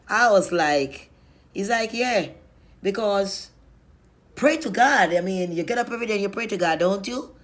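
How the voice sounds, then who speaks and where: A vlogger with a fairly low-pitched voice shares an emotional spiritual testimony. She speaks emphatically, laughs often, and suddenly breaks into shouted prayers.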